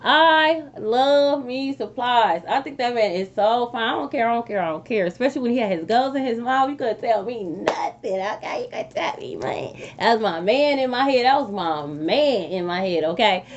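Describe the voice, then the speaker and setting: High-pitched woman doing a tarot reading, keeps saying okay, kinda muffled lo-fi sound. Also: fairly quick, few pauses. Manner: animated, repeats phrases, frequent "okay?" asides. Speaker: tarot reader. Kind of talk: casual tarot reading to viewers.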